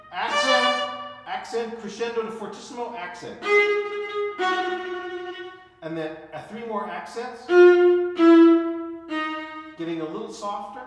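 Man teaching viola in an echoey room. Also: medium pitch. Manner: calls out counts and dynamics while demonstrating. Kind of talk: instructional music lesson. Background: viola playing.

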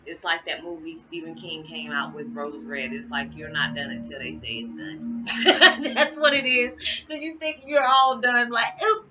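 A tired middle-aged woman chatting casually to her viewers, colloquial and quick to laugh. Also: deep voice, animated, bright, forceful tone, soft background music. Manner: chatty, laughs often, colloquial Southern-leaning speech. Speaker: spiritual vlogger. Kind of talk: casual chat to camera. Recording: muffled with noticeable background hiss.

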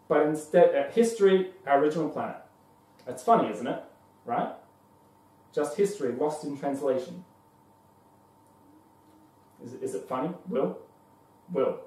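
A hot-tempered broke young waiter, played by a man, swearing freely and flaring up fast. His voice sits high and swings widely in pitch. It sounds distant, in a very echoey room. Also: lively intonation, a little mellow. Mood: teasing. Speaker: actor in a comedy short.

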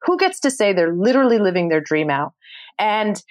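A woman in her thirties from New York City, a podcast guest telling a story with expressive energy and casual swearing. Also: mid-range voice, a little fast. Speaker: podcast guest, travel show host. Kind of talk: animated storytelling.

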